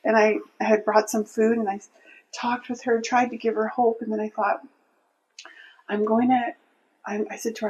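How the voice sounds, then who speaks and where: A woman's voice: on the high side, little pitch movement, normal speed, pauses often, darkish tone, dull audio. A woman telling a personal faith story in an interview, earnest and heartfelt, often restarting her sentences. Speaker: interview guest.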